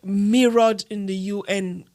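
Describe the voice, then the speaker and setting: A woman's voice: mid-range voice, slow pace, no echo, studio quality. A middle-aged woman from Nigeria with a Nigerian accent, a podcast guest telling her story casually and acting out the dialogue of others. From Akwa Ibom, Nigeria. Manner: animated, acts out dialogue with others.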